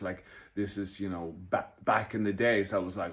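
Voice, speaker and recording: Fast, animated man leading a workshop. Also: lowish voice. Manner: fast, animated, laughs at himself; acts out inner voices while explaining. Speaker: workshop leader. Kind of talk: informal teaching talk.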